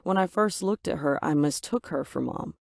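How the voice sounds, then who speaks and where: A woman's voice: low-pitched, normal speed, vocal fry, darkish tone, no room sound, clean studio sound. A woman reading a scripted first-person story aloud in a dramatic, emotive way. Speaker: narrator.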